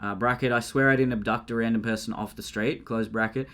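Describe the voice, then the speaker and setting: A man's voice: medium pitch, fairly even intonation, a little fast, fairly bright tone. A young man co-hosting a podcast, chatting casually and cracking jokes. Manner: joking, laid-back. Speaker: podcast co-host. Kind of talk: casual chat.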